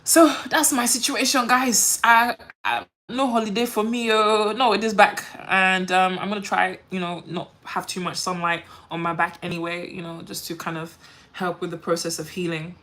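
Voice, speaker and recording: A woman's voice: mid-range voice, level tone, moderate pace, fairly bright tone. A woman, chatting animatedly while doing her makeup on a livestream, full of quoted voices and laughter. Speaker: beauty livestream host.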